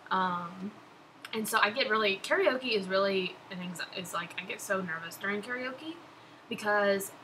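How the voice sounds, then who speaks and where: A woman's voice: medium pitch, normal speed, sharp tone, low-quality recording. A young woman chatting casually on her vlog, answering follower questions in a gushing, laughing way. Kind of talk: casual chat. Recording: background noise.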